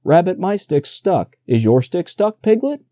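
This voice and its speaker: A man voicing a small, eager young male kangaroo who chatters excited questions in a storybook. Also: sits high, a little slow, no room sound, pitched above the performer's own voice.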